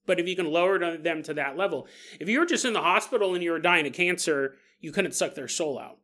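A man's voice: a little high, expressive, fast, sharp tone. A man hosting a podcast on his own, talking casually, joking and laughing often, and acting out quoted voices. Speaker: podcast host. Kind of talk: casual solo podcast monologue.

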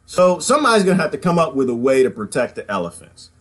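A man's voice: on the high side, sing-song, fast talker, a bit bright, slightly rough. A man giving casual livestream commentary, rambling and conversational, calling his viewers y'all and chuckling between points. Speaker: political commentary vlogger.

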